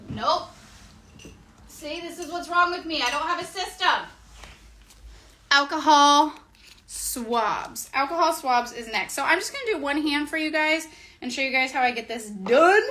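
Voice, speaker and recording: Woman, 30s, from Southern California; high, bright, bubbly vlogger voice, chatty and gushing, filmed at her desk on a tripod camera. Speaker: nail tutorial vlogger. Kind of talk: casual chatty tutorial. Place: home desk area, indoors.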